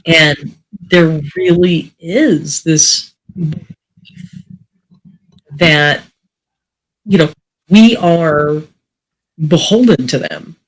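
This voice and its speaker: A woman guest on a podcast, chatting casually and expressively, with her pitch swooping as she makes a point. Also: extremely slow, long pauses, poor audio. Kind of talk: casual chat.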